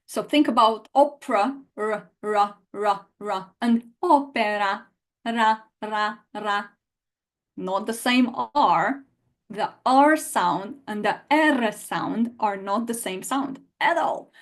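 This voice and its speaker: A woman teaching a live online lesson, reading out student answers and repeating sounds for learners to copy. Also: a little high. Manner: demonstrates sounds by repeating them. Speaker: language teacher.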